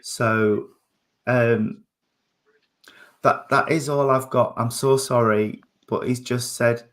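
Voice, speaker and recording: Soft-spoken emotional man giving a reading. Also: medium pitch, steady tone, takes it slowly. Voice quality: soft-spoken, emotional, hesitant with many fillers. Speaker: medium. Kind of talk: spiritualist mediumship reading.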